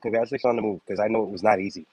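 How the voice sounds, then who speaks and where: A man's voice: lowish voice, steady tone, very fast, darkish tone, slightly rough, dry recording. A man rambling casually on a live chat, full of fillers and restarts. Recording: dull lo-fi sound.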